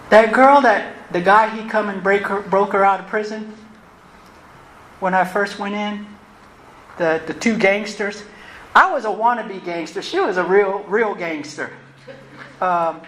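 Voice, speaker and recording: A woman shares her recovery story at a meeting. She speaks in a candid, animated, conversational way. Her voice rings through a roomy hall over a faint background hiss. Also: mid-range voice. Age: 60s.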